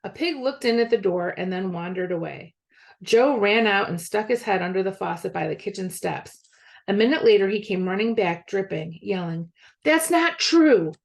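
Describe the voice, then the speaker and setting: A school media specialist reads a chapter book aloud to students. Her voice has a gravelly grain at a middle pitch. She narrates clearly in a storybook manner. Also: moderate pace. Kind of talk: reading a novel aloud.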